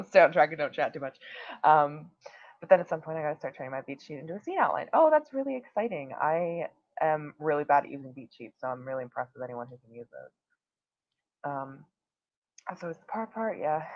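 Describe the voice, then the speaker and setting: A woman's voice: sits low, muffled recording. A young woman hosting a casual livestream, chatting and reading out viewer comments with many fillers. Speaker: livestream host.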